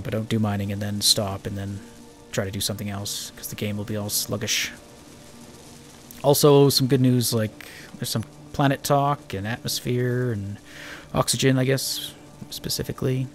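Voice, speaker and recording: A man's voice: fairly low pitch, steady tone, moderate pace, faint music behind. A man giving casual, rambling let's-play commentary while playing a space building game, joking at his own expense. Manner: chatty, rambling, self-mocking. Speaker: gaming channel host.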